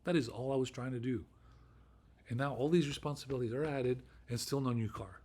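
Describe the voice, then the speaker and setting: A middle-aged man talks alone to the camera in a loose, rambling monologue. He rants and swears, circles back over the same points and restarts his sentences. His voice sits at an ordinary male pitch. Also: fairly quick, a little mellow. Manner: ranting, profane and repetitive, with restarts. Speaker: vlogger.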